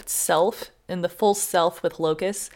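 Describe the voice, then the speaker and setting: A young woman co-hosting a podcast in casual chat, reacting with quick interjections and casual swearing. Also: fairly low pitch, fairly even intonation, a little mellow. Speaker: podcast co-host listening and reacting.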